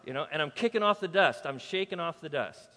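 A male pastor preaching in a voice pitched a little above the usual for a man. He talks emphatically yet conversationally, rising to loud declarations and dropping to hushed asides. The sound carries a long hall reverb. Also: lively intonation, a little fast. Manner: emphatic and conversational, swinging between loud and soft. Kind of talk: sermon. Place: church.

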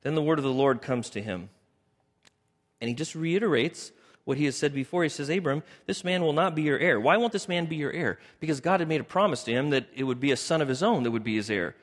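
A man preaching a lively sermon, his voice sitting a little high. He slips into the voices of the people in his story. Long reverb from a big hall trails each phrase. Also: fast talker. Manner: animated, acts out biblical characters in shifting voices. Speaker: pastor.

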